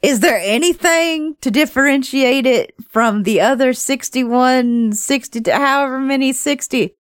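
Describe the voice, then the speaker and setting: A woman's voice: high-pitched, unhurried, dry recording, studio quality. A woman playing in a tabletop game, rambling and hesitant as she searches for words. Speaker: player. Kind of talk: tabletop role-play chat.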